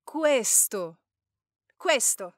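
Very slow, carefully enunciating woman. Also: a little high, lively intonation, dry recording, clean studio sound. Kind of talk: slow model phrases for repetition.

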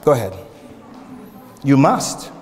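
A Canadian man preaching a sermon in a church, animated and jokey, laughing often and breaking into shouts. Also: medium pitch, slow pace. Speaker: pastor. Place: church hall. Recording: long hall reverb.

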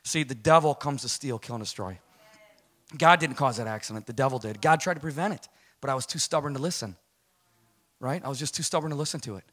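A fast-talking man with a medium-pitched voice tells a church audience his personal testimony. He stays animated and emphatic in a relaxed, conversational style, frequently tossing in "right?"

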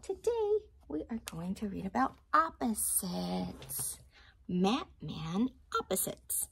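A woman teacher reading a picture book aloud to young children, with a slow, expressive, sing-song storytime delivery. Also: medium pitch, creaky, a little hiss or hum.

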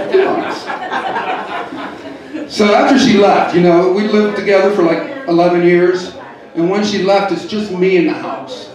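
A middle-aged male comedian tells his set in a deadpan way and picks on people in the crowd. His voice sits a little high. He sounds distant in a roomy club, with a lively audience laughing around him. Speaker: stand-up comedian. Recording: echoey club from far off.

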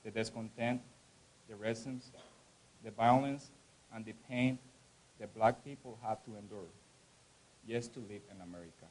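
A man at a campus read-in event giving a slow, solemn poetry recitation with swelling emphasis. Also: on the low side, darkish tone, low-quality recording. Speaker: event reader.

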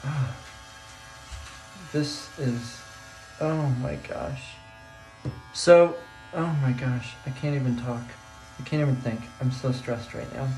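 A man's voice: medium pitch, slow, pauses often, a little mellow, soft background music. Nervous rambling man in a bathtub. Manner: nervous, rambling, exclaiming to himself. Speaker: teacher. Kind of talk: casual phone vlog. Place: small bathroom, sitting in a bathtub. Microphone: phone propped nearby.

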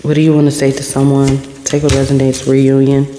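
A man's voice: mid-range voice, brisk. A man giving an intuitive tarot reading to camera, talking in a meandering, repetitive way as the messages come to him. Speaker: tarot reader. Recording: echoey room with long reverb and steady background noise.

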